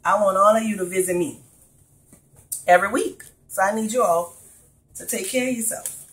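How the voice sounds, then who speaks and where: A woman's voice: medium pitch, normal speed, rough recording. A woman with a New Orleans accent, talking through a recipe in her home kitchen and chatting directly with her viewers. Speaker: cooking vlogger. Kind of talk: casual cooking video.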